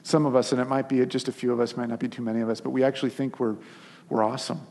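Husky pastor guy preaching, chatty storyteller, long echo from the hall. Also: medium pitch, very fast. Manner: animated storyteller, conversational. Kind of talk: sermon.

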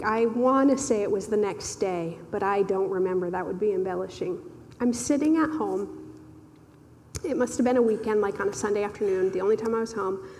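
A woman telling a personal testimony, animated and often laughing, her voice rising and cracking with emotion. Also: medium pitch, long reverb tail, slight background noise. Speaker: speaker sharing a personal testimony. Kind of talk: storytelling testimony.

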